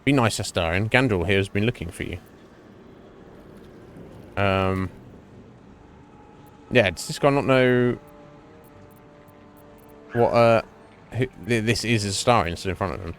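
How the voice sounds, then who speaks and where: A man's voice: lowish voice, unhurried, pauses often, slight background noise. A man streamer giving casual gameplay commentary, chatty, laughing often, with lots of fillers.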